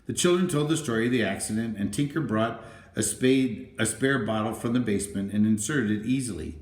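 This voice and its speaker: A man narrating a children's storybook in a gentle, even reading voice. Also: fairly low pitch, fairly quick. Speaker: audiobook narrator. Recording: roomy, echoey room.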